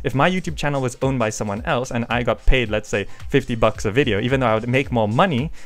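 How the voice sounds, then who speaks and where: A man's voice: medium pitch, fast. A man hosting his gaming channel, answering viewer questions in a casual, rambling way with frequent hesitations, into a desk microphone. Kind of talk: casual Q&A vlog. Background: faint background music.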